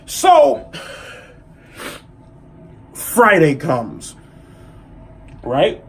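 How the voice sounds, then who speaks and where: A man telling a story in a casual vlog, profane and animated as he rants. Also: on the high side, normal speed, a little hiss or hum. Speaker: vlogger.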